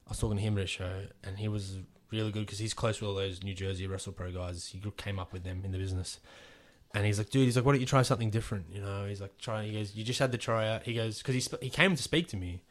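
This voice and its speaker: A man, a pro wrestler telling a story on a casual podcast, animated and swearing freely as he acts out the quotes. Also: on the low side, fast.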